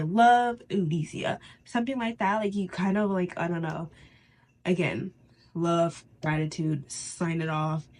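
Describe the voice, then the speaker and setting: A young woman with a slightly low-pitched voice chats casually to camera. She talks in loose, rambling sentences full of fillers and restarts, as a vlogger explaining her routine. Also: darkish tone. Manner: chatty, lots of "like", restarts. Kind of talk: casual instructional chat.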